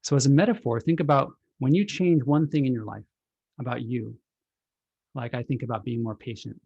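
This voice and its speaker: A man presenting his book on a video call, explaining ideas in a relaxed, reflective way through everyday analogies. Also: mid-range voice, creaky, breathy edge, dry recording. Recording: dull lo-fi video call audio.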